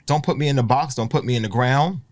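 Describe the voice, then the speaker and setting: A man's voice: mid-range voice, quick pace, no room sound. A man co-hosting a podcast, chatting casually and joking with frequent laughter. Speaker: podcast co-host. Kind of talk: casual chat.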